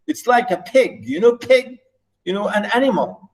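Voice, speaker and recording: This is a middle-aged man lecturing on a novel in an online class. His first language is Arabic, and his voice sits slightly high for a man. He stumbles through fillers and repeats words as he explains. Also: animated, poor audio. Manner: halting, many fillers and repeats. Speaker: literature lecturer.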